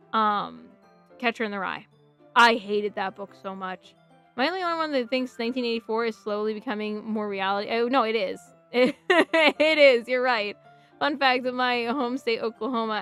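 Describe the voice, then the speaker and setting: A young woman from the United States talks casually while streaming a game. Her voice sits fairly high, and she rambles from thought to thought, reading out and answering her chat. Faint game music plays behind her. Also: a bit bright. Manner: rambling, chatty, answers chat messages aloud, often laughs.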